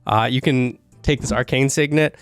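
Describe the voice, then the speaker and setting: A man's voice: mid-range voice, normal speed, smooth, no echo, soft background music. A man explaining his card plays with wry humor during a tabletop game. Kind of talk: casual tabletop game chat.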